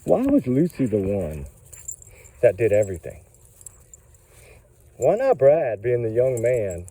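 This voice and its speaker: A man's voice: fairly low pitch, huge pitch swings, unhurried, long pauses, mellow, husky, distant mic, rough recording. A man in a casual commentary vlog, rambling and impassioned, firing off question after question. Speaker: vlogger.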